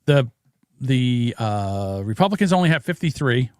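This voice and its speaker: A man's voice: medium pitch, big pitch swings, a little slow, clean tone, dry recording, clean studio sound. An older man co-hosting a podcast, telling rambling stories and giving blunt, opinionated takes in casual chat. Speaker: podcast co-host.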